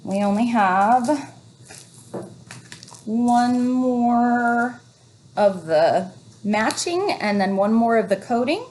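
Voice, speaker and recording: A woman teacher leading a phonics lesson for young children, reading words slowly and encouragingly. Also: medium pitch, animated, a little mellow, a little hiss or hum. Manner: slow, encouraging, drawn-out reading.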